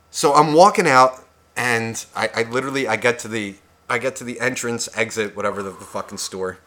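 Profane, animated male storyteller. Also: mid-range voice, a little fast. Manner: animated, swears constantly, acts out other people's lines. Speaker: podcast co-host.

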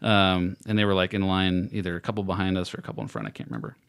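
American guy on a podcast, lowish voice, rambling story, trails off, dry close mic. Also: very animated, very fast, creaky, clean tone, no room sound. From United States. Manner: rambling, laughing, trails off quietly. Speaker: podcast co-host. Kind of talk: casual storytelling chat.

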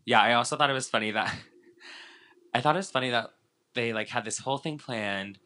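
Bright-voiced man in casual recap chat. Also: medium pitch, brisk. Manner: animated, swearing, filler-heavy with frequent "like". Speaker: podcast co-host.

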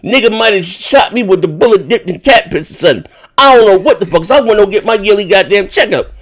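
A man hosting a casual podcast, rambling through a story and swearing freely. His voice sits a little high. He gets animated and incredulous as he talks. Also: fast. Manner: rambling, profane, animated retelling. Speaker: podcast host. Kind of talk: casual chat.

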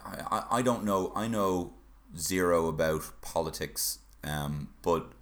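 A man's voice: sits low, measured pace. A man co-hosting a podcast, talking in rambling, laughing banter. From Ireland. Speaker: podcast co-host. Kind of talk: casual chat.

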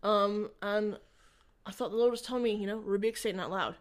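A woman telling her own faith story to an interviewer, speaking at an ordinary middle pitch. She rambles and halts, often restarting her sentences as she goes. The feel is a relaxed, conversational testimony. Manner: rambling, halting, with frequent restarts.

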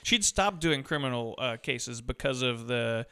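A man co-hosting a casual film podcast, speaking in a halting way with frequent restarts. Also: medium pitch, lively intonation, a bit bright, clean tone. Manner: halting, hesitant with many restarts. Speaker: podcast co-host.

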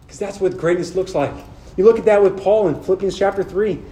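Young male speaker, high-pitched and animated, casual sermon delivery, echoey room. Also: fairly quick. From Southern California. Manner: casual, animated, talks directly to the audience. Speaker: speaker at a men's retreat.

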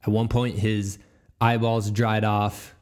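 A man's voice: on the low side, level tone, slow, darkish tone, clear, resonant tone. A man hosting a podcast, chatting casually, rambling and stumbling over his words and laughing easily. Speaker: podcast host.

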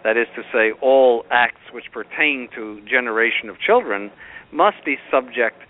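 A man's voice: mid-range voice, moderate pace, a little hiss or hum. A man giving stern doctrinal commentary, driving his points home with firm repetition. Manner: emphatic, repeats points firmly. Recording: phone-like narrow band.

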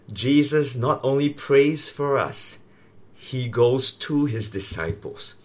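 A middle-aged man preaching a recorded video sermon, earnest and repetitive. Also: on the high side. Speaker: pastor.

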